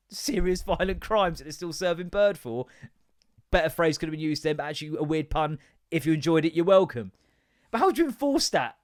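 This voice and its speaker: A young male podcast host delivers a casual comedic rant, swearing heavily and rambling from one aside to the next. His voice is high-pitched, recorded at studio quality with no room sound.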